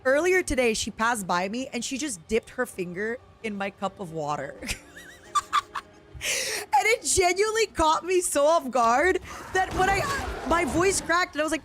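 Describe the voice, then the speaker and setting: A woman streamer chatting casually while she plays, excitable and giggly, breaking into squeals. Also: high-pitched, normal speed, music in the background. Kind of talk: casual live-stream chat while gaming.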